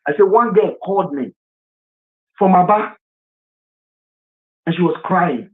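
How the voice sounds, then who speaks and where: A man's voice: high voice, slow, pauses often. A man with a Nigerian accent hosting a live stream, speaking earnestly and with passion, sometimes slipping into Pidgin. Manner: earnest and impassioned, mixes in Pidgin. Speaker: livestream host. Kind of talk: emotional live-stream talk. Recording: tinny phone-line sound.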